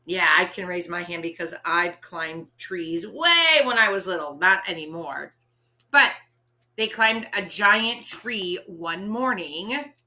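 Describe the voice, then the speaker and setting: A woman reading a picture book aloud to children, expressive and asking them questions. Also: fairly low pitch, takes it slowly. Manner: expressive, asks listeners questions.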